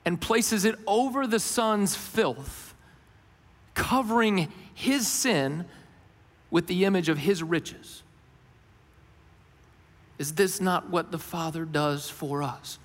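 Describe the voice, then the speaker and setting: A man delivers a sermon in a high, earnest voice. His questions climb and his key points drop low and slow. A long hall reverb trails every phrase. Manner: earnest, rises for questions and drops low for emphasis. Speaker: pastor.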